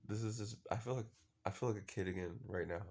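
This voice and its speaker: A man's voice: on the low side, fast, creaky, a little mellow. A man casually recapping a show episode, rambling with lots of fillers and the odd swear word. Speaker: show reviewer.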